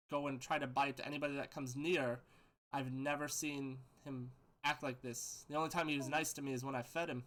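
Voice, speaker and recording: A man's voice: mid-range voice, fairly bright tone. A man voicing a fed-up male merchant who hesitates and stumbles over his words. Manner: plain, hesitant with fillers.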